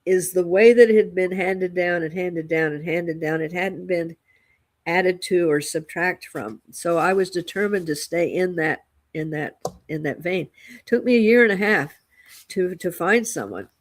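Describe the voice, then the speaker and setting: A woman's voice: fairly low pitch, measured pace. Reflective woman sharing her story. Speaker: co-host and Reiki master teacher. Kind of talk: casual spiritual chat.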